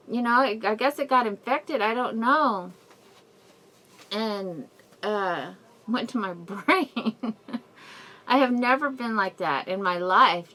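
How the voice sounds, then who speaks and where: A woman's voice: medium pitch, pushed and bright. A middle-aged woman giving a casual personal update to her viewers, telling a rambling, emotional story with frequent laughs and sighs, speaking through a face mask. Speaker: vlogger.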